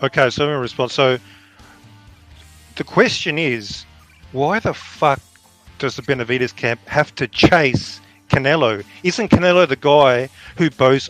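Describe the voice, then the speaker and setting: A man's voice: medium pitch, a little slow, a bit bright, faint music behind. A man in a heated boxing debate who keeps cutting in with pointed, repeated questions.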